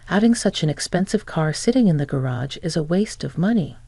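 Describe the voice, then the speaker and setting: A woman's voice: fairly low pitch, lively intonation, fairly quick, warm tone, husky, no room sound. A woman voicing a smug, entitled middle-aged mother-in-law who speaks nonchalantly and taunts.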